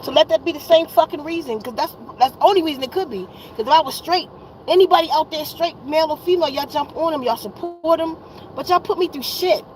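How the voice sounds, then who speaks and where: Woman, fifties, high voice, weary, exasperated, blunt, profane, repetitive, faint background noise. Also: fast, low-quality recording. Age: 50s. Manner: blunt and profane, repeating herself. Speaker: wellness vlogger. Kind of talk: emotional venting to viewers.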